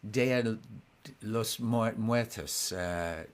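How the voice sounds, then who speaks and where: A man hosting his weekly concert, talking softly and haltingly between songs, with many restarts. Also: fairly low pitch. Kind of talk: casual spoken introduction between songs. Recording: guitar playing along in the background.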